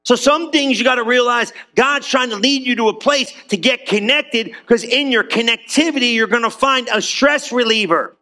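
A man preaching a sermon in a lively, conversational way, calling on the room for amens. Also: extremely high pitch, normal speed, few pauses. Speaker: pastor.

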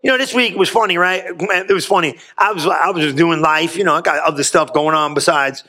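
Brisk and on the high side, this man's voice is pushed and bright as he preaches a sermon from the church pulpit. His folksy, colloquial style rouses the congregation, and he keeps calling for them to answer.

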